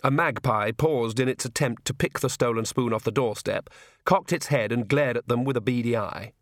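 A man with a mid-range voice narrates an audiobook in a measured, expressive way. The recording is studio quality with no echo.

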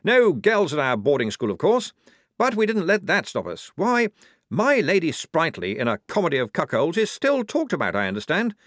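For an audiobook character, a man raises his voice above his natural pitch into a chirpy tone to play an eager, naive, upper-class young male lieutenant. The voice is fairly high and a bit bright, with huge pitch swings at normal speed, in a dry, studio-quality recording.

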